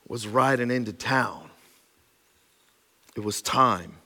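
A man preaching a sermon, swinging from loud emphatic lines to hushed, intimate ones, with casual asides. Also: on the high side, expressive, unhurried, long reverb tail. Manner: conversational asides with frequent "right?" and "like". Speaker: pastor.

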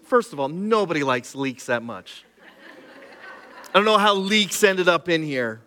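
A male pastor preaching a sermon with humorous, animated asides and reading scripture aloud. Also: sits high, a little slow, in a large hall.

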